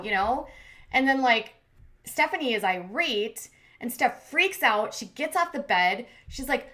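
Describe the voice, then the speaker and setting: A woman's voice: a little high, normal speed, bright, forceful tone. A woman hosting a commentary channel, recapping a reality show in a chatty, opinionated way with lots of "like" and "um". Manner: chatty, heavy use of "like" and "um"; opinionated, cheering and scolding the people she recaps.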